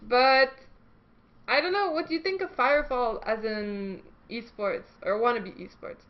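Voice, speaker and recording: A chatty woman hosts a casual news vlog with a high, light voice. She reads her notes aloud, stumbling and joking at her own expense. The recording is dull and lo-fi. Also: animated, measured pace. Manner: chatty and self-deprecating, stumbles while reading. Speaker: esports news host.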